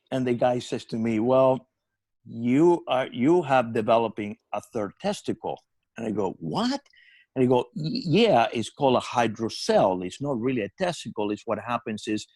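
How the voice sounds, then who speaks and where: A middle-aged man spins a comic story on a podcast, laughing as he goes. His pitch swings widely as he tells it, and the sound is dry and close with no room around it. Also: dry recording. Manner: animated storyteller, laughing through his own punchlines. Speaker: comedy podcast co-host.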